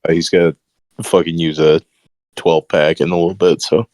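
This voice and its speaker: Very deep deadpan man. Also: normal speed, over loud music. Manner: deadpan, wisecracking. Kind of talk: casual chat.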